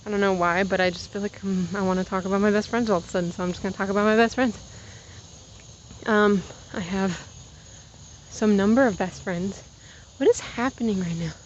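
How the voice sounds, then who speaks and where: On a walk outdoors, a vlogger in her twenties chats casually and rambles off into side stories, a little out of breath from the uphill climb. Her voice is medium-pitched. The highs are cut off, and there's a little hiss or hum.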